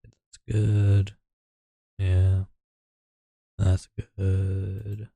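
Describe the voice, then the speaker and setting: A man's voice: low voice, completely flat delivery, drawn-out words, creaky, dark tone, dry recording. A male streamer chatting casually and meandering, often mumbling and trailing off. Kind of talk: casual livestream chat.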